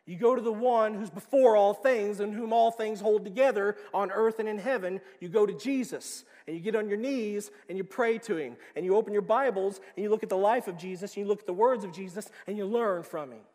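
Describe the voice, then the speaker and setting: A man preaching a sermon as pastor, emphatic, swinging from quiet, low passages to loud, pressing ones. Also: a little fast, few pauses. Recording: long reverb of a hall.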